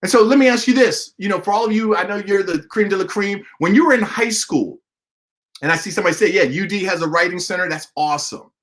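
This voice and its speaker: A man's voice: sits high, quick pace. A man giving a motivational talk, telling a story animatedly and speaking directly to his listeners. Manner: animated, acts out dialogue, addresses listeners directly. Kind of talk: motivational storytelling to an online audience.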